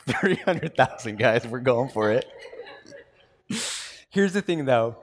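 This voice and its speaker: Animated conversational male pastor. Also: mid-range voice, takes it slowly, slight background noise. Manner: conversational and animated, many fillers. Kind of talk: sermon.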